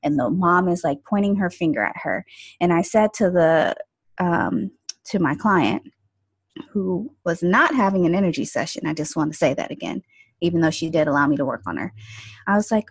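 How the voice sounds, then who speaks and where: A woman's voice: lowish voice, animated, moderate pace, husky, dry recording. A woman who works as an esthetician and energy healer, telling stories in a casual, chatty way with lots of fillers. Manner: chatty, with many fillers like "like" and "you know". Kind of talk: casual storytelling chat.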